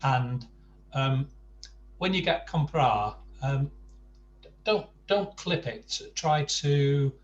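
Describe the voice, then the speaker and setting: A man teaching Spanish, patiently correcting pronunciation and encouraging his student, often trailing off softly. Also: medium pitch, very slow, long pauses, roomy sound, recorded from a distance, muffled recording. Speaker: Spanish tutor. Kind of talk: online language lesson, coaching pronunciation.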